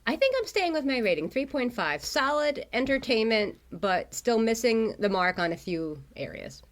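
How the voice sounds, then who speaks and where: A woman's voice: fairly high pitch, sing-song, normal speed. A woman co-hosting a book club podcast, talking casually in a wry, teasing way. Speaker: podcast co-host.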